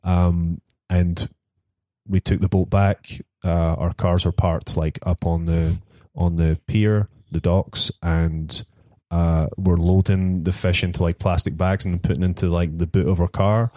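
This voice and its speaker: Rambling man with a low voice. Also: flat delivery, measured pace, mellow, dry recording, clean studio sound. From Scotland. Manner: rambling with frequent filler words. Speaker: guest storyteller. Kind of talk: casual chat.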